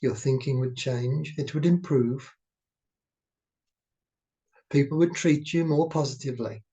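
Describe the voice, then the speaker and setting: Male meditation teacher: warm, mellow tone, unhurried and soothing. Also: mid-range voice, dull audio. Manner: slow, gentle, soothing delivery. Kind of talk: guided meditation talk.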